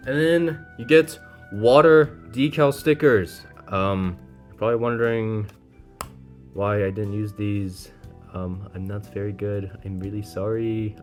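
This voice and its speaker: A man casually reviewing a model kit, playful and self-deprecating, with frequent excited exclamations. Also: on the low side. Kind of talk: casual hands-on product review.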